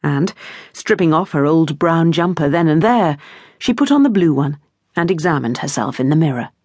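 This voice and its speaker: A woman narrating an audiobook novel in a measured, expressive storytelling manner, on a close studio mic in a recording booth. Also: low voice, husky, dry recording. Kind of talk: scripted narration.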